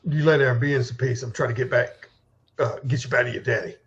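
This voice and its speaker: This is a gruff, protective man in a tabletop game, voiced by a player, steadying a wounded boy with short urging words. The voice is gravelly and mid-pitched. It comes through a dull, lo-fi recording. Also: fast talker, close to an everyday voice. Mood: soothing, urgent.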